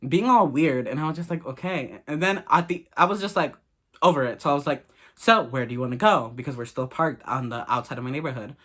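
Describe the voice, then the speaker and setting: A man's voice: a little high, fast, a bit bright. A man in his late teens, telling a personal story in a candid, gossipy, profane way. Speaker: vlogger. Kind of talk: casual story time.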